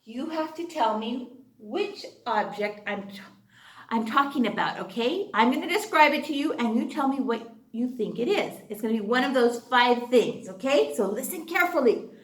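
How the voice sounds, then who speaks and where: A woman teaching a phonics lesson to young children, slow and sing-song, with excited gasps. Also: fairly high pitch, roomy sound.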